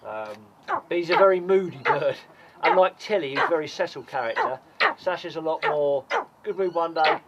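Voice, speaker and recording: Man, bird keeper, animated sing-song delivery, slightly high, noisy outdoor recording. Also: dull audio. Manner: coaxing and affectionate toward the birds. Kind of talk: casual talk while handling birds. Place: outdoors among bird enclosures.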